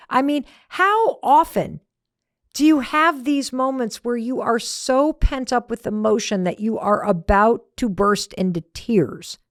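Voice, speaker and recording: A middle-aged woman hosting a motivational podcast, telling a story with emphatic, energetic delivery. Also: fairly high pitch, no echo, clean studio sound. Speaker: podcast host. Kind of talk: motivational talk.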